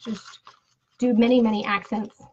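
A woman's voice: fairly high pitch, little pitch movement, moderate pace, mellow, husky. A woman hosting a casual live giveaway stream, chatty and playful with jokey asides. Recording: dull lo-fi live-stream audio.

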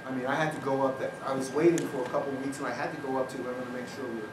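An older man races through a personal anecdote during a university lecture, impersonating the people in it with a flat delivery at medium pitch. Background noise, heavy room echo, and a far-off mic mark the recording.

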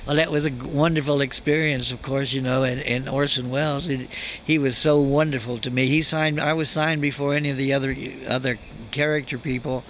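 A man's voice: mid-range voice, fairly even intonation, fairly quick, a bit bright, a little hiss or hum. An older man, a guest actor, telling chuckling anecdotes in an interview at a convention. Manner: chuckling storyteller. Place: convention floor.

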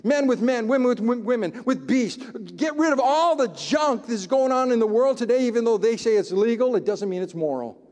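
High-voiced male pastor preaching in a hall. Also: lively intonation, darkish tone. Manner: emphatic, conversational preaching with dramatic pauses. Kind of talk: sermon. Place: church sanctuary.

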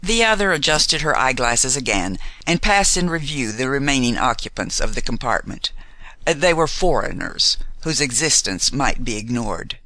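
A man narrating an audiobook in a measured, formal manner. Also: mid-range voice, very animated, bright, forceful tone, no echo.

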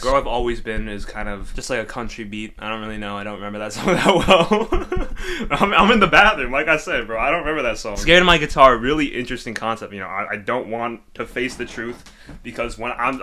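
Bright-voiced young man reacting to music. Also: medium pitch, a little hiss or hum. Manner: excitable, slangy, breaks into laughs and sing-along. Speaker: music reaction video host. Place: bathroom.

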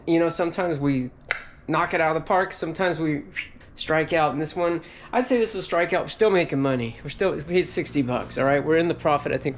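A man's voice: on the high side, slight background noise. Chatty man rambling through a locker. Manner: chatty, rambling, with many fillers. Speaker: storage locker buyer and channel host. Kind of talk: casual vlog talk to camera. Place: storage locker during a heat wave.

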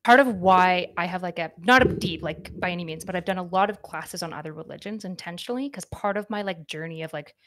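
Guest, woman, late 20s, lowish voice, dry close mic, loose and candid. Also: quick pace, hardly any pauses, dry recording. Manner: chatty, many fillers, candid. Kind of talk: casual podcast conversation.

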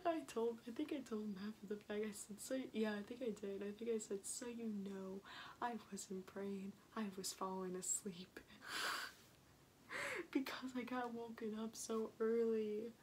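A woman's voice: medium pitch, steady tone, unhurried, a little mellow, slight background noise, poor audio. A young woman rambling in a casual video diary, often dropping into a whisper. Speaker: vlogger.

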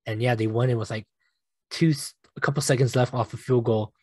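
A young man hosting a solo sports podcast, animated and emotional, swearing casually and laughing at himself. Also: medium pitch, brisk, slightly rough, no room sound. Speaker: podcast host.

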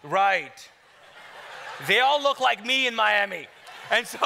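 A man's voice: extremely high pitch, a little slow, vocal fry, long pauses, slight background noise. A middle-aged man from Kuwait telling his story to a live audience, joking and acting out his own past words. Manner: animated, joking storyteller who acts out his past self. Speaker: guest speaker telling his testimony.

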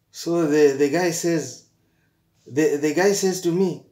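A man telling an animated travel story in a casual vlog, often stammering and repeating words. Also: high-pitched, normal speed, reverberant. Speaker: travel vlogger.

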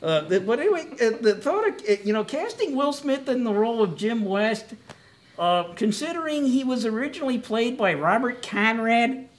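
A man's voice: very high voice, very animated, normal speed. Rambling man hosting a countdown. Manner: rambling, self-correcting, wry asides. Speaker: co-host of a top ten list show. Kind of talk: casual joking commentary.

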